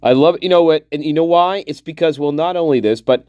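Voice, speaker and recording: A man's voice: on the high side, fairly quick, darkish tone, no echo, muffled recording. A man hosting a livestream, giving casual reaction commentary with jokes, swearing and frequent laughs. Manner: profane, joking, laughs often. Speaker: livestream host.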